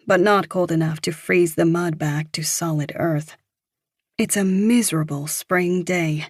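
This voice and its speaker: A woman narrating a thriller audiobook in a measured, even storytelling manner. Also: lowish voice, no room sound, clean studio sound.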